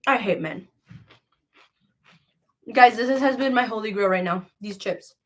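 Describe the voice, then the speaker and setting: Speaking at a measured pace in a medium-pitched voice, a young woman runs a crochet sale on a live stream. Her casual talk wanders, gets gossipy and blunt, and is packed with "like" and other fillers.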